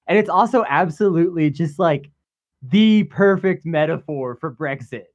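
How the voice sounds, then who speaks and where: A man co-hosting a podcast, talking in a relaxed casual way, leaning heavily on "like". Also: a little high, moderate pace, dull audio. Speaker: podcast co-host. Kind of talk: casual political chat.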